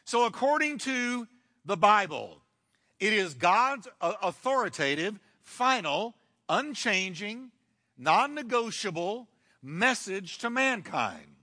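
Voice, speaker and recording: A male pastor preaching a sermon emphatically, with sweeping shifts in pace and dramatic pauses, in a church. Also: high voice, sing-song, bright, forceful tone. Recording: long hall reverb.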